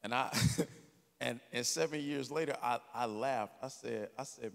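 A man preaching a sermon as a story, swinging from quiet talk to shouted peaks. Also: mid-range voice, unhurried, vocal fry. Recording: long hall reverb.

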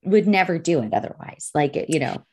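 A woman's voice: sits low, very animated, a little fast, warm tone. A woman co-hosting a podcast in casual chat, giggly and talkative, a little congested. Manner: giggly, chatty, swears casually. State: congested, blowing her nose. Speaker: podcast co-host.

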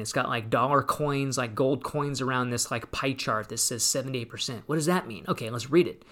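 A man's voice: mid-range voice, a little fast. Fired-up male retirement show host. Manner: animated, gets fired up, sarcastic asides. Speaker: retirement planning radio host. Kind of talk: casual solo talk show.

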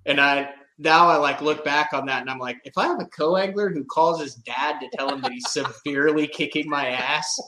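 A man's voice: a little high, normal speed, few pauses, pushed and bright, a little hiss or hum. A man telling a fishing story in casual podcast chat, rambling with lots of "like" and laughing as he goes. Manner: rambling, many "like" fillers, laughs while telling. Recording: roomy echo.

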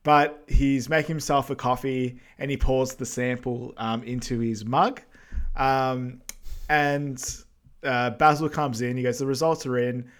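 A man of middle pitch tells a movie scene at an easy pace on a podcast. He pauses with lots of "um"s and laughs along with his co-host. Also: smooth. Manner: relaxed storytelling with many "um"s, laughs at jokes. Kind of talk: casual movie recap chat.

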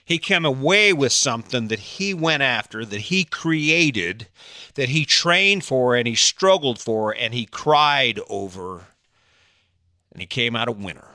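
A man's voice: medium pitch, expressive, a little slow, pushed and bright, no echo, studio quality. An older man talking casually to his audience in a teasing, sarcastic way, rambling a little and chuckling as he goes. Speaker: vlogger. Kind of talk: casual monologue to camera.

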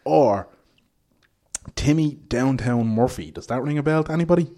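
An Irish man telling animated, laughing stories as a guest in casual podcast chat. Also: mid-range voice, moderate pace. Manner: animated storyteller, laughs often.

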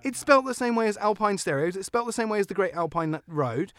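Fast, animated man hosting. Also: high-pitched, clean tone, dry recording, studio quality. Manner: animated, joking, quick-talking. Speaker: podcast host. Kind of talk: casual car podcast chat.

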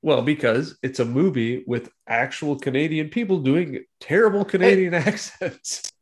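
A man's voice: on the high side, moderate pace. Sardonic man defending a movie. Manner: sardonic, defends the film, mock insults. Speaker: podcast co-host reviewing a film. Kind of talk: casual chat.

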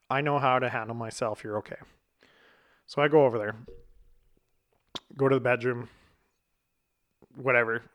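A man's voice: mid-range voice, fairly bright tone. A man in his thirties telling a personal story in a casual, blunt way, swearing freely and chuckling at himself. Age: 30s. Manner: blunt and profane, laughing at himself.

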